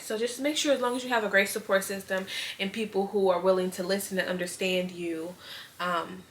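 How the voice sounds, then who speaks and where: A young woman vlogger speaks to camera in a bright, clear-toned voice. Her talk is casual and earnest, full of heartfelt asides about her pregnancy. She sounds close to tears at moments. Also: medium pitch. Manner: earnest, heartfelt, tearful at times.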